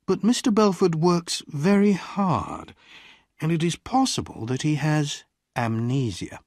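Man, audiobook narrator, slow measured reading, very lively pitch, slightly husky, dry close sound. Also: no room sound. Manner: slow, deliberate reading with wide swings in pitch. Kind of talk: graded-reader storytelling.

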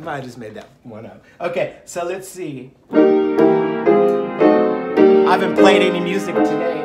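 A man's voice: sits high, normal speed, pauses often, over loud music. A man hosting his own diet channel, talking in a jokey, rambling way full of fillers and asides. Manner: jokey, digressive, lots of fillers. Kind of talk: casual rambling monologue.

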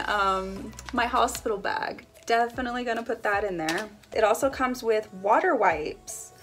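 A woman's voice: fairly high pitch, normal speed, hardly any pauses, a bit bright, soft background music. A young woman chatting casually as she unboxes baby samples for a family vlog, giggling now and then. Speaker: family vlogger.

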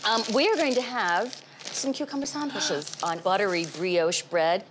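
A woman's voice: medium pitch, moderate pace, background noise. A woman hosting a cooking show, chatting cheerfully and talking through recipe steps, often laughing. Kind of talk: casual cooking chat.

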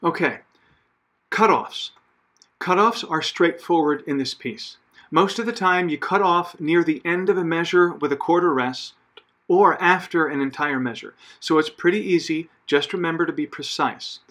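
A man directing a church choir, who explains breathing and cutoffs plainly and patiently. His voice sits a little high for a man, and he often pauses on fillers and corrects himself mid-phrase. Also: a bit bright. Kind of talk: conducting rehearsal instructions.

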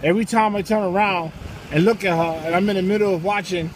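A man records a casual vlog on his phone in an outdoor parking lot, ranting in a loud, excitable, foul-mouthed way. His voice sits high for a man, and faint outdoor noise runs behind him. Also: fast, rough recording. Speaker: vlogger.

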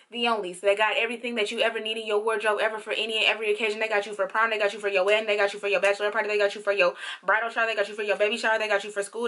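A bright, lively young woman talks her viewers through a try-on haul in a playful, slangy way. Her voice sits a bit high and pops up into sudden squeals when she gets excited. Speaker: fashion vlogger. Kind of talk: casual try-on haul chat.

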